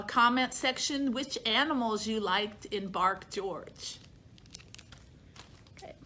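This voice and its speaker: A woman librarian reads a children's picture book aloud at an unhurried pace. Her fairly high voice swoops up and down in a sing-song storytime manner, and she acts out each animal as it speaks. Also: bright, forceful tone.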